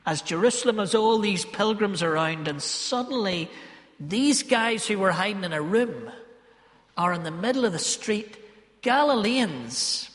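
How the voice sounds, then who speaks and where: A man's voice: high voice, lively intonation, fairly bright tone, in a large hall. A man with a Ballymena, Northern Irish accent preaching a sermon, telling stories and stretching key phrases for emphasis. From Northern Ireland. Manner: storytelling, emphatic, drawn-out phrases.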